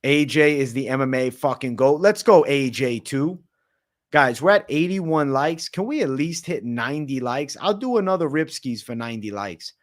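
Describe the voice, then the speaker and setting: Brief: man, livestream host, relaxed slangy chatter, mid-pitched everyday voice. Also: moderate pace. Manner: slangy, laid-back, chatty. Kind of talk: casual late-night livestream Q&A.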